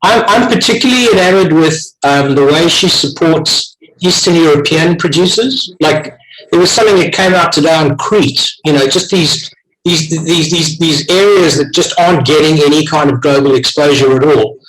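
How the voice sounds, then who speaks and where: A man's voice: fairly high pitch, normal speed, a bit bright, roomy sound, rough recording. A man with a South African accent hosting a casual online wine tasting, enthusiastic and chatty, often restarting his sentences.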